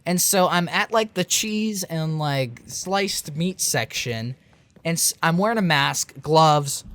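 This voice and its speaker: A man's voice: fairly high pitch, expressive, slow pace, a bit bright. Rambling young man ranting about games. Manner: rambling, filler-heavy, restarts. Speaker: game reviewer. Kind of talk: rambling late-night vlog rant.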